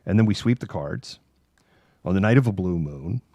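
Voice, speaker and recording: Middle-aged man telling stories, very lively intonation. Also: low voice, normal speed, slightly rough, dry recording. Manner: animated, laughs while talking, many fillers. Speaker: host. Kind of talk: casual chat, anecdotal storytelling.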